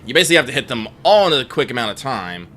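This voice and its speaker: A man's voice: mid-range voice, sing-song, racing, bright, forceful tone. A man co-hosting a live stream while playing a game, reacting and commenting animatedly. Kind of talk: casual gaming stream chat.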